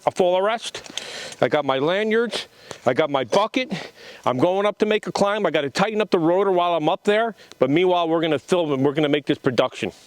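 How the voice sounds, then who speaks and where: A man in his fifties, a radio operator and tower builder, explaining his antennas outdoors in a matter-of-fact way. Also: on the high side. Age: 50s. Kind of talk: casual on-site explanation to camera.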